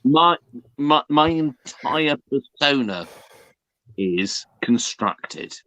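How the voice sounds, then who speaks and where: A man from Northern England, a guest on a casual comedy podcast, talking in a deadpan, defensive way. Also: mid-range voice, very slow, no echo, muffled recording.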